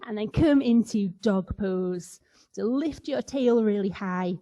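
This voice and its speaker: Her voice is warm and medium in pitch, and she talks slowly. The woman is a kids yoga teacher guiding children through playful yoga, sometimes imitating animal sounds.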